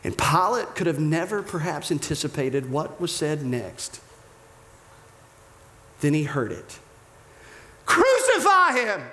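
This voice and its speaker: A man preaching a sermon as dramatic storytelling, slowing down and dropping almost to a whisper. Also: a little high, a bit bright. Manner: dramatic storytelling, slows and drops to near whispers. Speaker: pastor.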